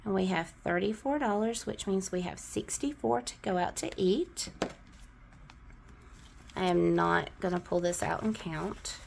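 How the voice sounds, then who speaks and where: A woman's voice: medium pitch, measured pace, creaky, slight background noise. Chatty Southern woman counting cash. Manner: chatty, counts bills aloud. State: coughing now and then. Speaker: budgeting vlogger. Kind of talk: casual talk to camera while counting cash.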